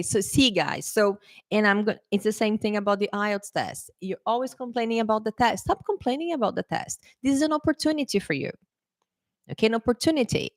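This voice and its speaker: Woman English teacher, casual talk to camera, lively and encouraging, dry close mic. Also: mid-range voice, dry recording. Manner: lively, animated, coaxing, repeats "okay?" and "right?".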